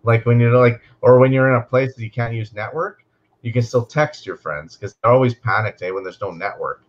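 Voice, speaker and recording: A man's voice: mid-range voice, a little fast. A man in casual chat, explaining things loosely and laughing as he goes. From Canada. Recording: dull, lo-fi sound.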